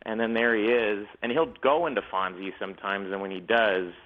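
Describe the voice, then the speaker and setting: A man in his forties, a guest on a talk show, telling lively stories and laughing often. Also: lowish voice, fairly quick, phone-quality sound. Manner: animated storyteller, laughs often, slips into quoted voices. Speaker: actor and guest. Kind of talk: casual interview chat.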